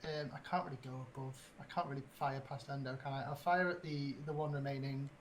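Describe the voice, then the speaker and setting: A tabletop player with a mid-pitched voice, speaking in a giggly, unsure way and peppering the talk with ums. A faint hiss runs behind the voice. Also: steady tone, quick pace, poor audio. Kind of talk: casual tabletop play.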